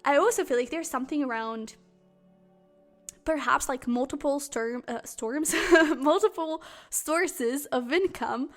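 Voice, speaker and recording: High-voiced gushing tarot reader woman. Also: measured pace, soft background music. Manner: effusive and excitable, lots of fillers. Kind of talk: pick-a-card tarot reading to camera.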